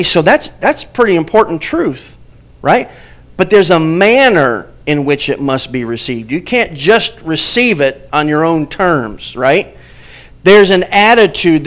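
Man preaching with rising emphasis. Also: sits high. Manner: emphatic preaching, asks the congregation questions and swings between loud and soft. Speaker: pastor. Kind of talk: sermon.

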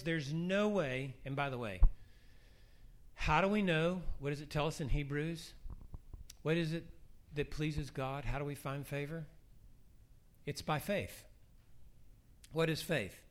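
A middle-aged man preaching a sermon, shifting between soft, hushed prayer lines and rising, emphatic questions. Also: a little high.

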